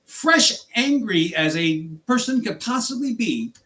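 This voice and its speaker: An angry man from the United States ranting in a vlog about his work as a rideshare driver, exasperated and jumping in pitch. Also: lively intonation, unhurried, pushed and bright, poor audio. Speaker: rideshare driver and channel host.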